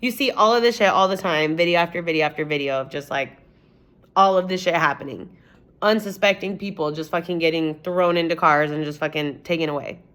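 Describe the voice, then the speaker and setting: A woman's voice: fairly low pitch, fairly quick, a bit bright. A young woman vlogger telling a personal story in a rambling, casual way, swearing often and saying "like" a lot.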